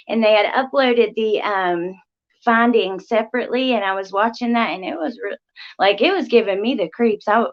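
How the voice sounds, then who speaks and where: Young woman chatting away on a livestream, lots of um and like, kinda dull lo-fi sound. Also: a little high. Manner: chatty, rambling, frequent ums and likes. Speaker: livestream host. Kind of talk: casual livestream chat, reading viewer comments. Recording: slightly dull lo-fi audio.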